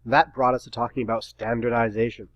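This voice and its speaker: Wry, brisk male professor, dry close sound. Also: mid-range voice, level tone, a bit bright, dry recording, low-quality recording. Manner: brisk, wry and a little terse. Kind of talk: recorded lecture.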